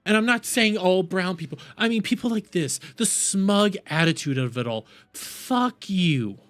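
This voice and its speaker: A man from the United States, a live streamer, ranting furiously, swearing often, shouting and repeating himself. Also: high voice, expressive, unhurried, faint music behind. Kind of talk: angry live-stream rant.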